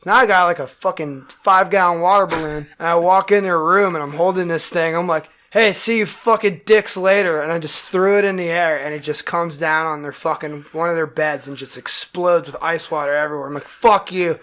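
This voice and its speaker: A man's voice: on the high side, brisk, hardly any pauses. A man, a touring metal musician, telling tour anecdotes in casual, profanity-heavy podcast chat. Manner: swears constantly, animated tour anecdotes.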